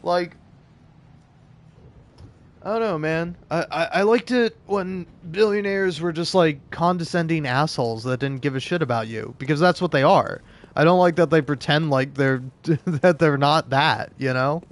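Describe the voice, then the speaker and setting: A man's voice: on the high side, normal speed. A young man rambling sarcastically while playing a game, with frequent swearing. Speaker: gaming channel host. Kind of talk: casual gameplay commentary.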